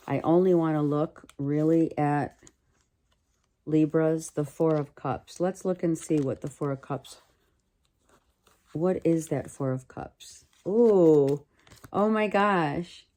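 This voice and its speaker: Woman tarot reader, low and dark-toned, slow unhurried delivery, thinks aloud and circles back on her words. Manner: musing, repetitive, thinks aloud with restarts. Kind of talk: casual tarot reading.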